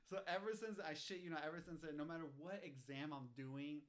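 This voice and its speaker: A man's voice: fairly high pitch, fairly quick, hardly any pauses. A man in casual conversation, agreeing often and adding his own stories. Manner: chatty, frequent short agreements. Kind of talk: casual movie discussion.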